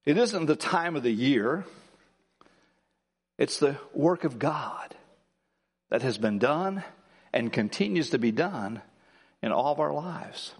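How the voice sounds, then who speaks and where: Fervent pastor in a reverberant church. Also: male voice, high voice. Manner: builds to emphatic, rising lines, then slows and softens. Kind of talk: Christmas service sermon. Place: church sanctuary.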